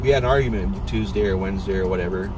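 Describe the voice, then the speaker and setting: A man's voice: sits low, rapid-fire, background noise. Frustrated, profanity-heavy man venting. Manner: frustrated, profane, repetitive ranting. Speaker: warehouse worker. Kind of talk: casual venting.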